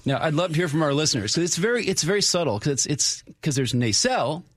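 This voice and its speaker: A man, the show's resident historian, telling local history stories in a chatty, brisk way on a radio segment. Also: a little high, lively intonation, breathy edge, no room sound. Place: radio studio.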